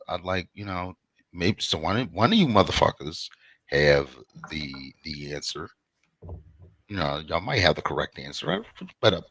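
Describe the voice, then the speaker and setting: A man co-hosting a relaxed, casual chat after a debate, laughing often and swearing freely. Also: low voice, no room sound. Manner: laughs a lot, relaxed, swears, says "and whatnot". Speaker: co-host.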